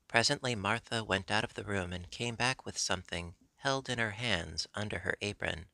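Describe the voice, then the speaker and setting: A man narrating an audiobook in a steady, measured way. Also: lowish voice, vocal fry, no echo.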